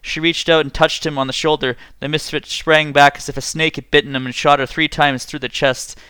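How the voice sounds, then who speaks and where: A man narrating a short story aloud in a measured, even reading. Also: a little high, clear, resonant tone, no echo.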